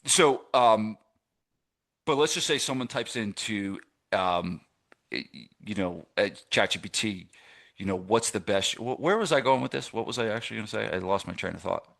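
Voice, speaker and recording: Man, middle-aged, from New Jersey, low voice, casual rambling coaching talk, lots of fillers. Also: moderate pace, creaky, fairly bright tone. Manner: rambling and conversational, with many fillers and restarts. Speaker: fitness business coach. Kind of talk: live masterclass coaching.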